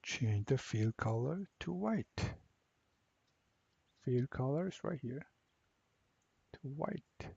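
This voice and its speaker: A man walking through a software assignment step by step, repeating each instruction slowly. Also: medium pitch, expressive, creaky, slightly rough, dry recording, highs cut off. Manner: slow, step-by-step, repeats cell names. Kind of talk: screen-recorded software tutorial.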